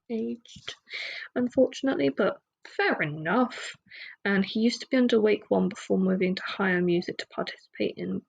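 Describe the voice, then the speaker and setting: A woman's voice: mid-range voice, gravelly, darkish tone, dull audio. A woman hosting a solo podcast, chatting casually and rambling with fillers and side remarks. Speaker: podcast host.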